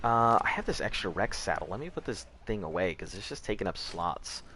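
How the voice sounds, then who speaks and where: A man's voice: fairly low pitch, lively intonation, fairly quick, bright, forceful tone, a little hiss or hum. A man streaming a video game, chatting in a laid-back, rambling way, swearing casually and answering chat. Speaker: gaming streamer.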